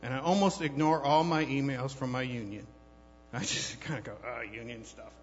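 A man's voice: medium pitch, normal speed, faint music behind. A man giving a personal testimony at church, telling his story in a rambling, conversational way with many fillers and restarts. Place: church hall. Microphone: handheld microphone held too far off. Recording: long hall reverb, dull lo-fi sound.

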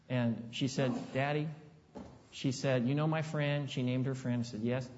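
A middle-aged pastor tells a story from the pulpit in an easy, folksy way and keeps turning to the congregation with questions. His voice sits at an ordinary pitch. It rings through a large hall with a long echo, and the recording sounds dull and muffled. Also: moderate pace, a little mellow, slight background noise. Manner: folksy, conversational, asks the audience questions. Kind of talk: storytelling sermon.

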